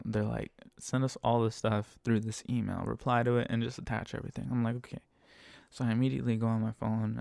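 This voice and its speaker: A man's voice: fairly low pitch, gravelly, mellow, no echo. A man recounting his rideshare driving experiences as a casual storytelling monologue, swearing heavily and sounding emphatic and exasperated. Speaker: rideshare driver telling stories.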